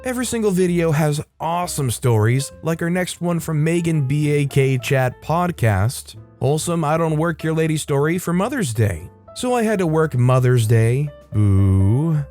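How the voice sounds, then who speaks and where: A man's voice: fairly high pitch, expressive, normal speed, hardly any pauses, a little mellow, soft background music. A young man hosting a channel, reading online stories aloud and adding casual, wry commentary. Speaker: host.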